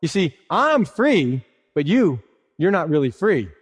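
A man's voice: on the high side, very animated, measured pace, breathy edge, long reverb tail, exaggerated voice. A man doing a sly, mocking crow. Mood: taunting. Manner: mocking, coaxing. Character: sly taunting crow, male, tempter.

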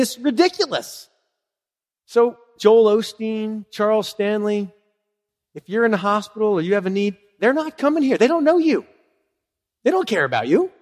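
A man preaching a sermon to his congregation, lively and conversational, acting out short exchanges in different voices. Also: big-room sound. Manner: animated, acts out little dialogues with swooping pitch. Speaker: pastor.

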